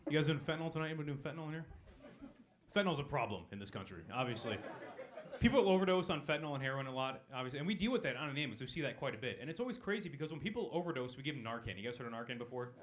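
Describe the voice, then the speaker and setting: A young man performing a stand-up comedy set on a club stage, delivering deadpan punchlines and talking with the crowd. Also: mid-range voice, racing.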